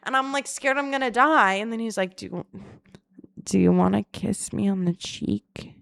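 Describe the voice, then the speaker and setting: A young woman telling wild personal stories in a casual vlog, crude and animated, slipping into mocking voices. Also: medium pitch, moderate pace, creaky. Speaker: vlogger.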